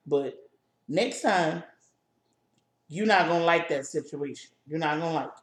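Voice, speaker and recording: A woman with a New Orleans accent telling a story in casual chat, lively and animated, acting out the people in it. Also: low-pitched, normal speed, pauses often, roomy sound. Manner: lively, animated, acts out voices in her stories. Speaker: co-host.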